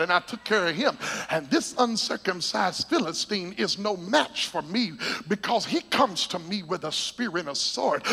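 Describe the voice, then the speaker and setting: A male preacher voicing the young shepherd boy David, bold and defiant, in a lowered, hushed voice, heard in an echoey sanctuary. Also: creaky, slightly rough, exaggerated voice.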